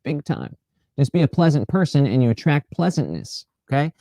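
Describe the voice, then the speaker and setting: A man hosting a livestream motivational talk, lively and prone to mocking imagined people's voices. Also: fairly high pitch, moderate pace, creaky, no echo. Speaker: livestream host.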